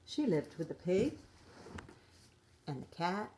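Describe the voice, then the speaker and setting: Slow, expressive middle-aged woman reading a storybook. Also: lowish voice, slight background noise. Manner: gentle and expressive. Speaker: parent reading to children. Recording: roomy echo.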